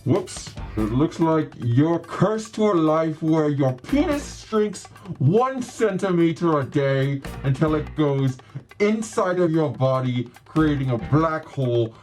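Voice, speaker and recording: A man voicing a pompous male TV-show judge who hands out curses in solemn, drawn-out verdicts. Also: on the high side, lively intonation, darkish tone, soft background music, pitched above the performer's own voice.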